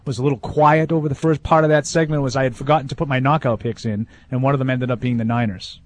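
A man's voice: mid-range voice, fairly even intonation, fast, no room sound. A man co-hosting a sports talk radio show, easygoing, with dry asides in casual banter.

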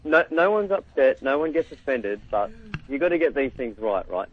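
A man's voice: mid-range voice, expressive, normal speed, breathy edge, phone-quality sound. A man with an Australian accent calling in to a radio show in an easygoing, joking way. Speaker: caller. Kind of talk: phoned-in radio chat.

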